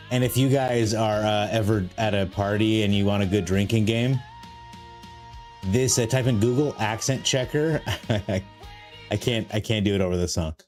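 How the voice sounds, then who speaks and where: A man's voice: measured pace, pauses often, a little mellow. Rambling, jokey man streaming a card game. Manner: rambling, jokey, self-mocking; greets viewers in a high sing-song voice. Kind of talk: casual live-stream chat. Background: faint music.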